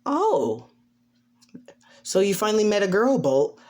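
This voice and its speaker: A man's voice: high-pitched, very animated, takes it slowly, a little mellow, voice pushed up, heavily acted. A man voicing a cheerful, teasing middle-aged mother in a raised, sing-song voice.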